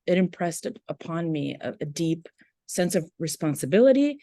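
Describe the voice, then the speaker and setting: A woman educator, a guest in a podcast interview, speaking reflectively and with passion, often pausing with fillers. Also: on the low side, very animated, dark tone, dry recording. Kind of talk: conversational interview.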